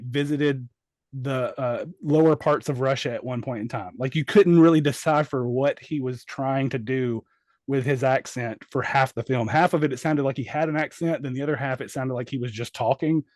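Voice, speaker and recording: Man, podcast co-host, exasperated rant, profane, slightly high voice, dry close recording. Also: a little mellow, no room sound. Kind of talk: casual film review chat.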